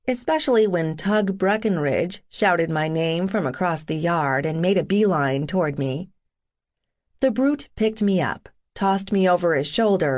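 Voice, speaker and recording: A woman reads a first-person romance novel aloud, her voice on the lower side. She takes her time over every line, sassy and wry in tone. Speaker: audiobook narrator.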